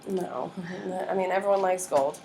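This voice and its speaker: Woman teacher mid-lecture, lively and checking in a lot, recorded from a distant camera in an echoey classroom. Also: lowish voice, a little slow, gravelly, a little hiss or hum. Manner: lively, checks in with students often. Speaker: history teacher. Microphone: far camera.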